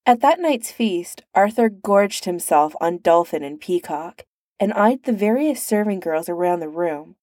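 A woman narrating a story in an even, measured audiobook reading. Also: medium pitch, no echo, clean studio sound.

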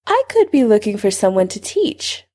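A woman voicing an old male headmaster wizard who speaks in a measured, dry, quietly pressing way. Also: mid-range voice, big pitch swings. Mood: calm.

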